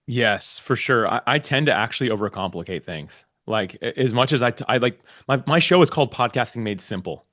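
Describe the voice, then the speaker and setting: A man talking as a guest on a podcast, his words tumbling out at a quick clip. He is emphatic and animated, pressing his points in relaxed conversation. He records from his own home podcast studio. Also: mid-range voice. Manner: emphatic, animated advice-giving. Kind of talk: casual interview chat.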